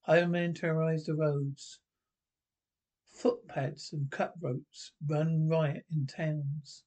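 A man's voice: fairly high pitch, level tone, takes it slowly, a little mellow. A man reading a film script aloud in a plain voice, with occasional slips and asides. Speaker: script reader.

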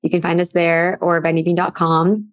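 A woman's voice: on the low side, level tone, moderate pace, dull audio. A woman talking as a podcast guest in a casual way, with lots of "like" as filler. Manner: casual, filler-heavy with frequent "like". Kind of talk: casual chat.

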